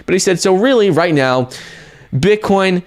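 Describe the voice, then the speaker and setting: A man hosting a crypto news vlog, talking in an energetic, casual way with fillers and restarts. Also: high voice. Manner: energetic, talks in quick runs with fillers and restarts. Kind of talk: casual news commentary to camera.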